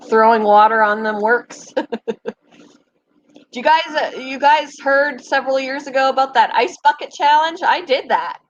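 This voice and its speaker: A woman's voice: sits high, moderate pace, no room sound, dull audio. A middle-aged woman hosting her own channel, chatting casually with viewers, self-mocking and laughing often. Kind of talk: casual chat.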